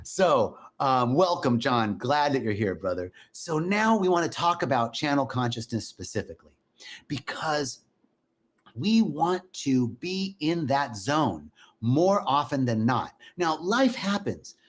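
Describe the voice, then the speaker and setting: Male spiritual teacher, mid-pitched, chatty and animated, live-stream talk. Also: a little slow. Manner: animated, conversational, greets viewers by name.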